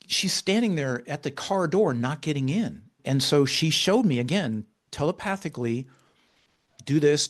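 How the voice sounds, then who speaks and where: Male author guest, mid-range voice, candid halting storyteller who perks up when quoting himself. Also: medium pitch. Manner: halting, with frequent restarts. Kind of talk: personal storytelling in conversation.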